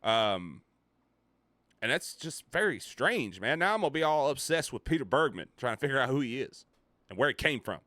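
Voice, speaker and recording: A man's voice: medium pitch, sing-song, moderate pace, sharp tone, no room sound. A man streaming a reaction to a video, thinking aloud in casual commentary with fillers and restarts.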